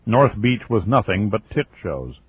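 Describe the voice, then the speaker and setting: A man reading a first-person novel aloud as an audiobook, in a steady, wry storytelling manner. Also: lowish voice, measured pace, slightly rough, no room sound. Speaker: audiobook narrator. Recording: tinny lo-fi phone-like audio.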